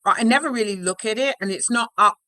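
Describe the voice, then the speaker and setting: Chatty woman with a bright voice. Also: fairly high pitch, quick pace, dry recording. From London, England. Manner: chatty, frequent "right?" and "you know" tags. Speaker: life coach guest. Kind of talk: casual interview chat. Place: home office.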